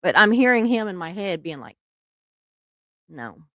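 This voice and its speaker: A woman's voice: mid-range voice, lively intonation, a little fast, fairly bright tone, no room sound, studio quality. A woman, hosting a casual livestream and chatting with viewers, laughing often and restarting her sentences. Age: 50s. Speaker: livestream host. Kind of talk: casual chat with live viewers.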